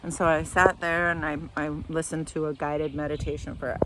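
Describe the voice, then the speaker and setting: A woman's voice: low voice, level tone, moderate pace, background noise. A middle-aged woman telling a personal story in a candid, rambling way, tearing up at times. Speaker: vlogger.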